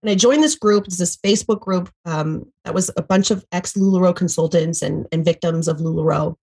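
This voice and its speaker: A woman's voice: on the low side, a little fast, breathy edge, rough recording. A woman in her thirties, a podcast guest, tells an emotional story with lots of fillers and acted-out quotes. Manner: animated, acts out quotes, many fillers. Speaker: podcast guest, former MLM seller.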